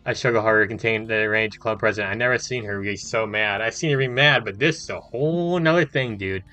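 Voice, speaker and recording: A young man reading a visual novel aloud with animated, swearing reactions as a gaming host. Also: on the low side, brisk, soft background music, rough recording.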